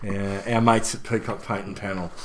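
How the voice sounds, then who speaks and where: A man's voice: lowish voice, little pitch movement, moderate pace, fairly bright tone, a little hiss or hum. A man hosting a podcast, chatting casually in a wry, teasing way and laughing easily. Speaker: podcast host. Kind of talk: casual motorsport chat.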